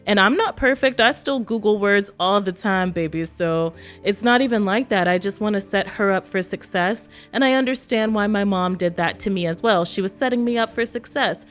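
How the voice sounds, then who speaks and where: A woman's voice: medium pitch, moderate pace, hardly any pauses, soft background music. A woman from East Texas talking casually to the camera as a vlogger, laughing often and acting out quotes. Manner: chatty, laughs often, acts out quotes in other voices.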